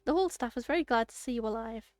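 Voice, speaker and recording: A woman reading as a calm, kindly game doctor. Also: on the high side, rapid-fire, no echo, soft background music, natural voice. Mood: reassuring.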